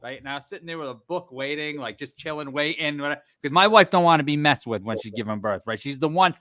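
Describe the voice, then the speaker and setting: A middle-aged man co-hosting a casual chat show, an animated storyteller who swears freely. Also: a little high, quick pace. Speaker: podcast co-host.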